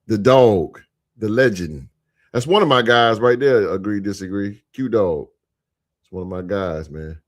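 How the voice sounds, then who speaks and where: A man hosting a sports podcast live, chatting casually with his live chat in a relaxed, repetitive way, speaking. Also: fairly low pitch, measured pace. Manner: laid-back, repeats phrases, shouts out chat members.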